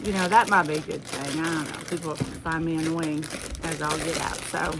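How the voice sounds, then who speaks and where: A woman's voice: deep voice, fairly even intonation, moderate pace, heavy background noise. Rambling Southern woman chatting to viewers. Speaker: haul vlogger. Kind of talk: casual chat to viewers.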